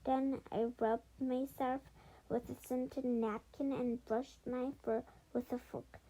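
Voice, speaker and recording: A woman reads a children's chapter book aloud at a slow, careful pace. Her voice is mellow and sits a little high, and she stumbles over words and goes back to fix them. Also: flat delivery, rough recording. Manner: halting reading with frequent slips and self-corrections. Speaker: storybook reader.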